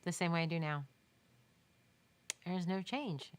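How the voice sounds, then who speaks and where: Chatty woman with a lowish voice. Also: expressive, unhurried, clean tone. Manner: emphatic, chatty storytelling with laughs and quoted dialogue. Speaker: newborn and baby photographer answering viewer questions. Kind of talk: casual live Q&A.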